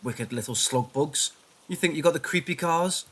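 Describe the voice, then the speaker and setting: A man's voice: on the high side, moderate pace, natural voice. A man voicing a taunting menacing helmeted woman. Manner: taunting, foul-mouthed.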